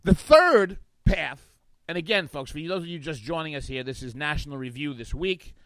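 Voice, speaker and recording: A male guest host delivering political talk radio commentary into a studio microphone. His voice sits high and swings widely, in a sarcastic, animated riff on an article he reads aloud. The sound is dry, with no room echo. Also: moderate pace.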